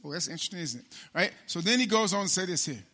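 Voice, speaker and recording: A man preaching a casual sermon in a church, talking straight to the congregation and calling people by name, then slowing down to read scripture aloud. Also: high voice, animated, bright, forceful tone. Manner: conversational, addresses congregation by name, slows for scripture. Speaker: pastor.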